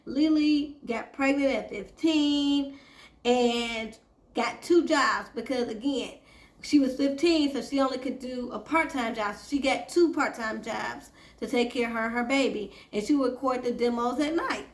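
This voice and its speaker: A high-pitched woman hosts a casual recap of a reality TV episode and talks to her viewers as "y'all". Her voice rings out in an echoey room. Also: unhurried. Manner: chatty, addresses viewers as y'all. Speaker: TV recap host.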